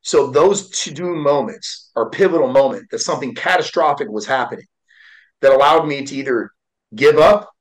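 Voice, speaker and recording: A man's voice: medium pitch, normal speed, low-quality recording. Candid man in his forties, heartfelt. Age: 40s. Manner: candid and heartfelt, with frequent fillers. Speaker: guest, motivational speaker and author. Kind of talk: emotional personal storytelling.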